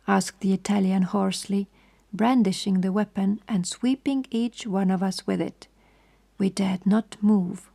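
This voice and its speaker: A woman reads a bedtime story in a soft, hushed whisper. Her voice is husky and dark with a creaky, gravelly texture. She keeps an even, calm pace. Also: mid-range voice, unhurried. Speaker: sleep-story reader.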